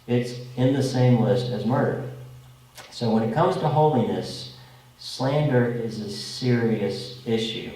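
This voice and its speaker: A man preaching a conversational sermon to a congregation, often checking in with a quick "okay?". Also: medium pitch, mellow. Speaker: pastor. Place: congregation meeting room. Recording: echoey room, from far off.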